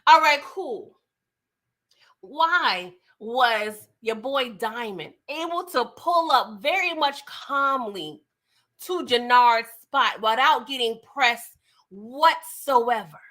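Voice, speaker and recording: Woman doing a tv recap stream, high bright voice, slangy aave, animated and teasing. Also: slow. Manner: animated, slangy, laughs and mocks. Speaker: TV recap host. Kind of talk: casual live-stream recap chat.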